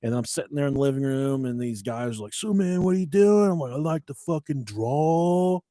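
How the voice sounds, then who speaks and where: A man's voice: on the high side, fairly quick, dry recording, studio quality. Profane man in his thirties telling stories. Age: 30s. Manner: profane, animated, acts out quotes loudly. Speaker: podcast host. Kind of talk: casual storytelling chat.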